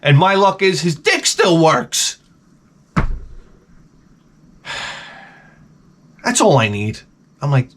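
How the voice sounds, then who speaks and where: A man's voice: medium pitch, lively intonation, takes it slowly, long pauses, fairly bright tone. Middle-aged Long Island guy, sarcastic rambling rant, lots of swearing. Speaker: vlogger. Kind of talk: ranting comedic storytelling.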